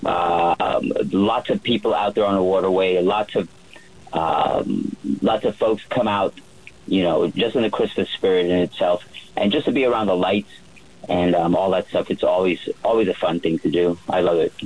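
A man's voice: sits low, steady tone, moderate pace, a little mellow, a little hiss or hum, poor audio. A man working as a private yacht chef, telling stories in a rambling way with many fillers on a radio show. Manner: rambling, lots of fillers and restarts.

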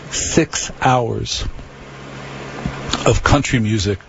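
A man's voice: fairly low pitch, very slow, creaky, highs cut off, noisy background. A man hosting a late-night radio talk show, rambling wryly through a monologue to listeners. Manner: wry, conversational, repeats phone number.

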